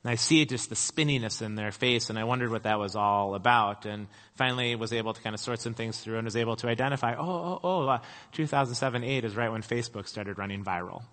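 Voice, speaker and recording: Man, middle-aged pastor, conversational sermon, humorous storytelling, bright tone, long hall echo. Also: lowish voice, fast.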